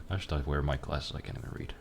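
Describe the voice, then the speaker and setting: A man's voice: extremely low pitch, steady tone, a little fast, whispered. A young man streaming a game, chatting casually in a rambling, profane, self-deprecating way at his computer desk. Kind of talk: casual chat while gaming.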